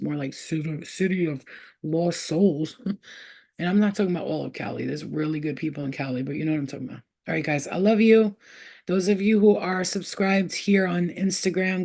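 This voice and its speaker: Woman host for a casual spiritual livestream. Lowish, mellow voice. Rambling, slangy and profane, warmly devoted to viewers. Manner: affectionate toward viewers, often saying she loves them. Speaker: spiritual reader hosting a livestream.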